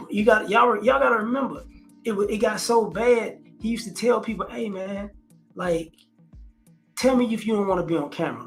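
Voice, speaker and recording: A man's voice: high voice, vocal fry. A man hosting a casual commentary vlog, talking in slang, repeating phrases and acting out quotes. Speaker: host.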